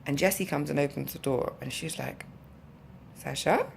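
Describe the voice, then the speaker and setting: A woman telling a story to her vlog viewers in a chatty, animated way, with asides to the audience. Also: low-pitched, fairly quick, vocal fry, slight background noise. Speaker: vlogger. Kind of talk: casual storytelling to camera.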